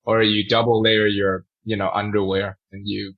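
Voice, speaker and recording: A man's voice: lowish voice, flat delivery, normal speed. A young man in his twenties telling crude stories in casual chat, joking and laughing often. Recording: dull lo-fi sound.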